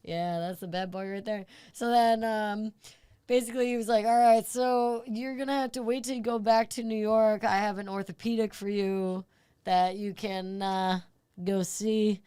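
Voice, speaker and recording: A woman guest on a podcast, telling a story in a casual, animated way, swearing and acting out the people in it. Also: mid-range voice, normal speed, clean tone, no room sound. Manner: animated, profane, acts out others in the story.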